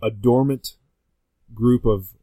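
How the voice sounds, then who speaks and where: A man's voice: mid-range voice, fairly even intonation, slow pace, mellow, dry recording. A man guesting on a podcast, chatting casually and rambling with lots of fillers and restarts. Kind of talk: casual chat.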